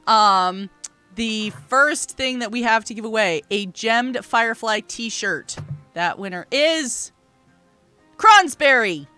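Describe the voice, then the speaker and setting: A woman's voice: on the high side, takes it slowly, bright, forceful tone, clean tone, faint music behind. A woman hosting a casual live-stream chat, upbeat and laughing often. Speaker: host.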